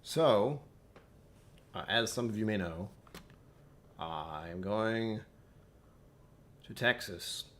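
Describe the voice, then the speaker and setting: A man's voice: on the low side, extremely slow, long pauses, fairly bright tone, slight background noise. A man hosting a casual livestream, chatting with viewers and muttering to himself while he fixes his settings. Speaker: livestream host. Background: faint background music.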